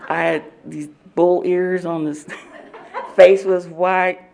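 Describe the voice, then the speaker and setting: A woman giving an animated personal testimony at a recovery meeting, laughing often as she tells it. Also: lowish voice, takes it slowly, vocal fry. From Oklahoma.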